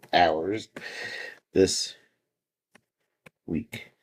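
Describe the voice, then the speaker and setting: A man's voice: low voice, drawn-out words. A man hosting a casual livestream, reading out viewer chat and joking around with a playful manner and frequent laughter. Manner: jokey and playful, laughing often.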